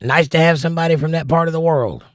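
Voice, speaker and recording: Reading the chat on his stream, a wry male host keeps up teasing banter in a casual live-stream session. He talks fast in a fairly high, clean-toned voice, with no echo.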